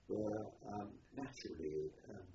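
A man's voice: lowish voice, measured pace, mellow. An older man, an army veteran, recalling his service in an oral history interview, hesitant with many ums and restarts. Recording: muffled, roomy, distant, faint hiss.

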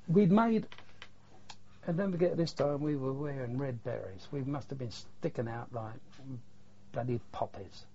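A man's voice: mid-range voice, a little slow, a little mellow. An older man, recalling wartime memories in a plain-spoken, earthy way with mild swearing. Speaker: war veteran interviewee. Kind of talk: oral history recollection. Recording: dull lo-fi recording.

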